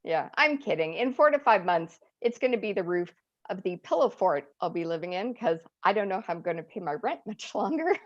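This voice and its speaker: A woman's voice: medium pitch, expressive, a little fast, muffled recording. A woman doing a stand-up set, chatty and self-deprecating, often laughing at her own jokes. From Eastern Europe. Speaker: stand-up comic. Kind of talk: stand-up routine.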